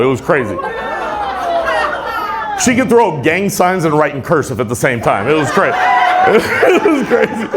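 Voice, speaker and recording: Heavy background noise surrounds this live club set, where a man in his forties with a slightly high voice performs stand-up. The Tacoma, Washington, USA comic rambles self-deprecatingly and often chuckles at his own jokes as the crowd laughs.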